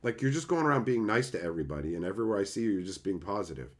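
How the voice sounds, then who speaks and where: A man chatting casually on a livestream and answering chat, animated and swearing freely in loose run-on asides. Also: on the low side, rapid-fire. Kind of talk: casual live-stream chat.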